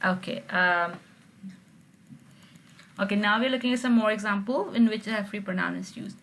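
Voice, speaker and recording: A woman's voice: medium pitch, normal speed, fairly bright tone, a little hiss or hum, low-quality recording. A woman teaching an online grammar class, explaining patiently and often checking with her students. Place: video call.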